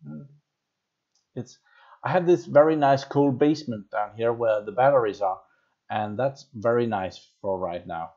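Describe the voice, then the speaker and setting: A Danish man chats casually on a live stream from his home, near a basement workshop. His medium-pitched voice is dark and unhurried, and the recording sounds muffled. He rambles along, reading out viewers' comments and greeting them.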